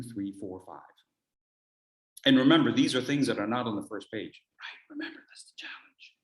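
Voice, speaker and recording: A man presenting a speaking workshop over a video call, playful and teasing, firing off rhetorical questions. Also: mid-range voice. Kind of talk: energetic instructional talk. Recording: echoey room.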